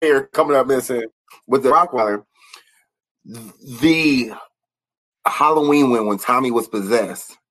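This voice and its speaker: A man's voice: mid-range voice, measured pace, pauses often, poor audio. A man, chatting casually about TV shows, laughing often and acting out lines from them. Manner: animated, laughs often, acts out quotes from shows.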